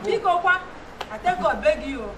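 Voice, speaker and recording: A lively, hot-tempered Nigerian woman. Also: very high voice, moderate pace. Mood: earnest. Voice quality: animated, laughing, switches between languages. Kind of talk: comic TV drama. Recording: distant mic with background noise.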